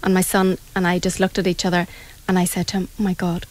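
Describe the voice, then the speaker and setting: A middle-aged woman with a Northern Irish accent, an angel reader telling a story in a radio interview in an animated, dramatic way. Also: on the low side, fast talker, low-quality recording. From Northern Ireland.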